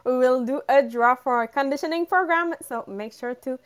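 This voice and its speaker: Co-host, woman with a French accent, high, smooth voice, cheerful and giggly. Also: moderate pace. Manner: cheerful, giggly, reads points off a list. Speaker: podcast co-host. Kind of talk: casual live podcast talk.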